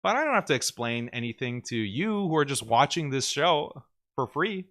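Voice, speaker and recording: A man hosting a casual livestream, reading viewer messages aloud and answering them bluntly, often mocking critics in a sarcastic, higher voice and laughing as he talks. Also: sing-song, moderate pace, a bit bright. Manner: mocking, with sarcastic high-pitched mimicry of critics; blunt, opinionated, laughs while talking. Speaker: show host reading viewer super chats.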